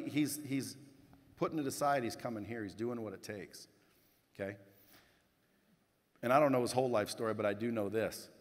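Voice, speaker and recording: Blunt man speaking in a reverberant hall. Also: medium pitch. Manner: blunt, casual, swears, addresses the crowd directly. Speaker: keynote speaker. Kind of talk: motivational keynote speech. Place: conference hall stage.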